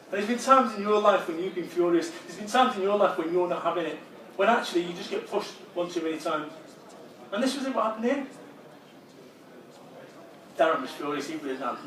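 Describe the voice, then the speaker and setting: A man's voice: high-pitched, animated, brisk. A man from England, giving a punchy, blunt motivational talk that he spices with swearing. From northern England. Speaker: motivational speaker. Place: large expo hall. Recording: roomy hall, voice far from mic.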